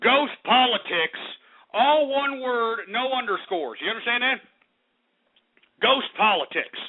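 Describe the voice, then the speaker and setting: High-voiced ranting radio host man. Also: animated, unhurried. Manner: shouting, swearing, exasperated. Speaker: radio talk show host. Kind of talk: angry on-air rant. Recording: narrow phone-like radio audio.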